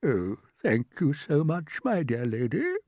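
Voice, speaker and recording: A man voicing an old, wise male grasshopper in a storybook reading, speaking in a slow, measured, genteel way. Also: a little high, very animated, a little mellow, no echo, clean studio sound, heavily acted. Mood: content.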